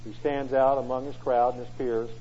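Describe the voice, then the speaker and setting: A man's voice: mid-range voice, flat delivery, normal speed, warm tone, a little hiss or hum. A man preaching a sermon in an emphatic way, often asking rhetorical questions. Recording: dull lo-fi recording.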